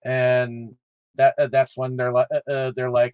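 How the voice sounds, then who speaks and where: Slow hesitant guy chatting about a movie, uh uh uh everywhere, dry dull lo-fi sound. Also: medium pitch, completely flat delivery, clean tone, no echo. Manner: halting, with constant "uh" fillers. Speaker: podcast host. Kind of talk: casual film discussion.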